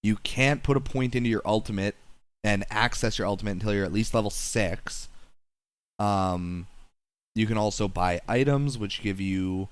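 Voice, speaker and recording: A man co-hosts a casual gaming podcast with a fairly low voice. He rambles, restarts sentences and leans on fillers. The sound is dry and close, like a home microphone on a call. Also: normal speed, clean tone, dry recording. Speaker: podcast co-host. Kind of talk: casual chat.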